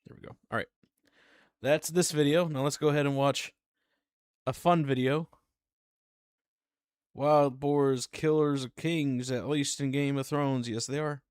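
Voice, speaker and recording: A man's voice: fairly high pitch, steady tone, a little slow, pauses often, a little mellow, smooth, no room sound, clean studio sound. A man chatting casually while reacting to videos on his stream, rambling through stories with giggling asides.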